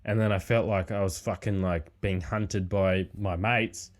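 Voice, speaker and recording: A man's voice: low voice, fairly even intonation, a little slow. A man talking as a podcast guest in a laid-back, rambling way, swearing a lot. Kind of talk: casual chat.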